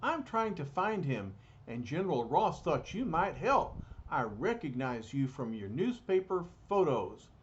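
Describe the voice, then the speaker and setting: A man's voice: fairly high pitch, big pitch swings, measured pace, a little hiss or hum. A man voicing an earnest, determined male superhero, on a dull lo-fi recording.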